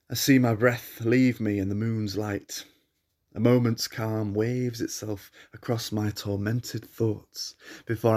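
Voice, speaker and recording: A man reading a crude comic short story aloud with a wry, deadpan delivery. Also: on the low side. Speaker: reader.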